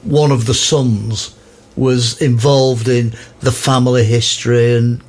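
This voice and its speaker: A man's voice: medium pitch, steady tone, takes it slowly, a little mellow. A male radio co-presenter asking musing, hesitant questions in a casual chat.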